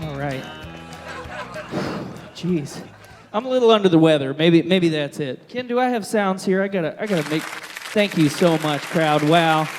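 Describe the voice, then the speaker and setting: A male host works the room from a bar stage, cursing and poking fun at himself in a loose, rambling patter. His voice sits high for a man, with music playing behind him. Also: lively intonation, moderate pace, pauses often, a crowd in the background. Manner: profane, self-deprecating, loose. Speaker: host of a live variety show. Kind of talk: stand-up style hosting banter. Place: bar stage before a live audience.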